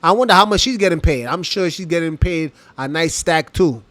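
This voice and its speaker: Reaction host: high-voiced man, animated and scornful, dry close mic. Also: brisk, dry recording. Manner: animated, laughs and mocks while ranting. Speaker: reaction commentator. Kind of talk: casual reaction commentary.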